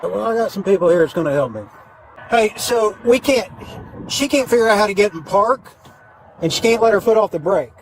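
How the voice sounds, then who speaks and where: A man's voice: high voice, lively intonation, a little fast, over music. A male police officer at a roadside stop, firmly giving short, repeated commands. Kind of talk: real bodycam exchange. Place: roadside traffic stop at night. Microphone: bodycam on his chest. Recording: noisy roadside bodycam audio.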